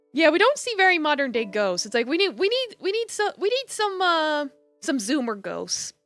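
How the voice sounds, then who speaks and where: A woman's voice: high-pitched, very animated, normal speed, fairly bright tone, soft background music. A young woman streamer chatting and joking through a game, rambling with lots of fillers. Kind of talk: live game commentary.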